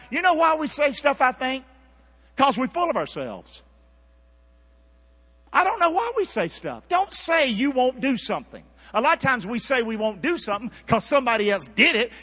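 A man preaching a sermon, calling out to the congregation and swinging from near-whispers to shouts. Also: high voice, husky, long reverb tail, muffled recording. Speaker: pastor. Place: church sanctuary.

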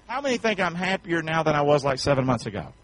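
With big swings in pitch and a fast delivery, a fairly high-voiced man from North Carolina preaches a folksy sermon in a Southern accent. As pastor, he shouts, drops into soft asides, and calls for amens. The audio is poor.

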